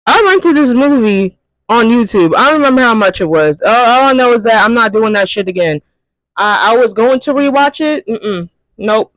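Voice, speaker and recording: A man's voice: extremely high pitch, expressive, normal speed, a bit bright, no echo, low-quality recording. A man ranting in a profane, exasperated movie commentary, firing off rhetorical questions. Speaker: commentary youtuber.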